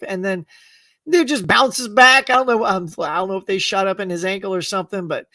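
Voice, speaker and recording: A middle-aged man hosting a live stream, chatting casually with viewers in a rambling, animated way and laughing often. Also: high voice, moderate pace, no echo, far from the mic. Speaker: live-stream host answering chat. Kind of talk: casual chat.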